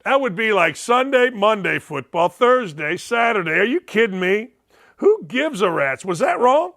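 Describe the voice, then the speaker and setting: Middle-aged male sports host, high raspy voice, hot-tempered rants, shouts. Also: big pitch swings, normal speed. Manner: fired up, loud, ranting with bursts of shouting. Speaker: sports talk show host. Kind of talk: opinionated sports talk.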